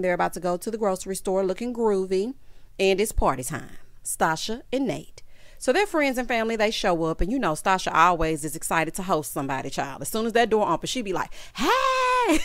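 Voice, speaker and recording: A woman's voice: mid-range voice, no room sound. A woman talks through a reality TV episode in a loose, sassy commentary style and calls her listeners honey and child. She sits in a middling register, and her voice comes across dry and close, with no room around it. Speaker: reality TV recap host. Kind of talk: casual commentary recap.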